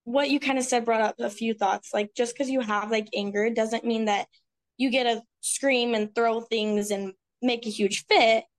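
A woman's voice: on the high side, steady tone, moderate pace. A woman guest in a casual podcast conversation, talking earnestly and reflectively. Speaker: speaker at a women's retreat.

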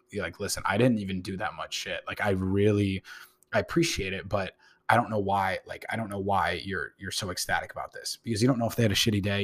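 A man with a very deep, low-pitched voice talks on his own podcast. He is a young adult, musing aloud in a loose, rambling way, leaning on "you know" and casual swearing. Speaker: podcast host. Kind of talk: casual monologue.

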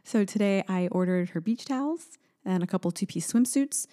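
Chatty thirties woman on a podcast, animated storytelling, does little quote voices, kinda sleepy. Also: mid-range voice, normal speed. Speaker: podcast co-host and mother. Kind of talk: casual chat.

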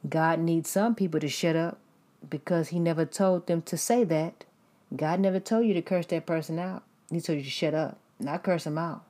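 A woman's voice: deep voice, normal speed, dark tone. A woman preaching bluntly and emphatically, repeating her point. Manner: blunt, emphatic, repetitive, laughs often.

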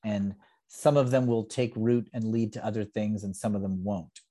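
A man's voice: fairly low pitch, fairly even intonation, normal speed, warm tone. A man who teaches improv, chatting casually as a podcast guest, rambling and self-deprecating with lots of fillers. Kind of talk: casual interview chat.

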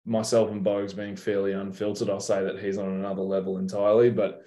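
Young Australian guy, deep and monotone, relaxed storyteller with a salty mouth; echoey room. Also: fast talker. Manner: laid-back, swears freely, tells stories. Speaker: professional basketball player, guest. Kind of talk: casual interview chat. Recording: roomy echo.

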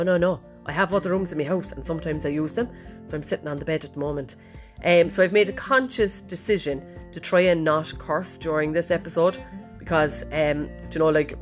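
A woman with an Irish accent hosting a podcast, chatting in a cheeky, sweary way from her bedroom. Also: low-pitched. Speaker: podcast host. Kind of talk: casual chat. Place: bedroom, sitting on the bed.

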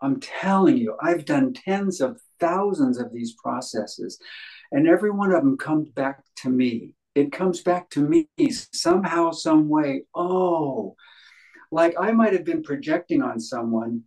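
A man's voice: on the high side, animated, unhurried, darkish tone, low-quality recording. A man talking as a guest in an interview, earnest and emphatic, often repeating phrases for stress. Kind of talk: conversational podcast interview.

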